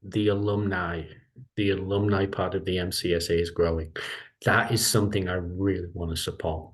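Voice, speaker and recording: A man's voice: low voice, steady tone, normal speed. A middle-aged man, a lecturer, talking casually in an online meeting, rambling and repeating himself as he gives advice.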